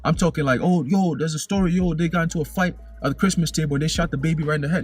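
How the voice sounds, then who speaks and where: A man's voice: on the high side, racing, breathy edge, faint music behind. A young man preaching in a casual way, reading scripture verses aloud and often ending his lines with "man". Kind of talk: informal scripture teaching.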